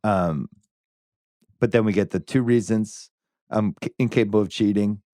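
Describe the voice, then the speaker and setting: A man's voice: lowish voice, moderate pace, dark tone, dry recording, studio quality. A man hosting a podcast, talking through a film in casual chat with enthusiastic, insistent energy. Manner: enthusiastic, argues with playful insistence. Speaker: podcast host. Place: podcast studio.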